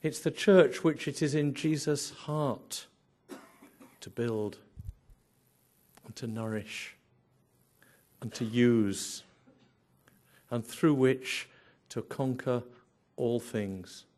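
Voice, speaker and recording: Slow, emphatic preacher. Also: male voice, medium pitch, a little mellow. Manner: emphatic, builds through repeated phrases and rhetorical questions. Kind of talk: sermon.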